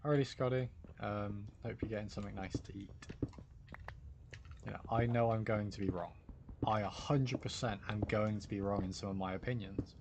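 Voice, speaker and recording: A man's voice: lowish voice, fairly even intonation, moderate pace, noisy background. A British man chatting casually with viewers during a live game stream, rambling and reassuring as he greets people by name. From United Kingdom. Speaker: livestreamer. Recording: music playing behind the voice.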